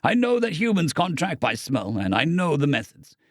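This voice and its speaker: A man's voice: a little high, sing-song, normal speed, dry recording, clean studio sound, pitched above the performer's own voice. A man narrating an audiobook, voicing an awkward, modest young pilot who speaks hesitantly.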